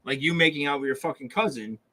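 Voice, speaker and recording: A man in his forties co-hosts a loose, casual podcast, cracking jokes and swearing freely. He fills his talk with "like" as he thinks aloud. His voice has a bright, forward tone. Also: on the high side, fast talker. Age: 40s. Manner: joking, heavy swearing and filler "like". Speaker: podcast co-host. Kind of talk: casual chat.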